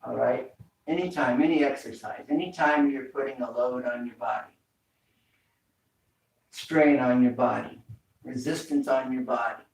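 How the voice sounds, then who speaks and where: A man's voice: medium pitch, normal speed, gravelly, pauses often. A man teaching a home workout, coaching breathing with repeated cues. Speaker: fitness instructor. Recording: echoey room, mic far off.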